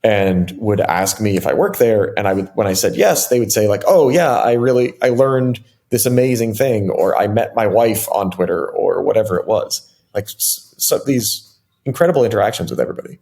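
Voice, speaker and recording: A middle-aged man, a software engineer guest in an interview, telling stories casually and animatedly with many fillers and restarts. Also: fairly low pitch, fairly quick, vocal fry. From United States.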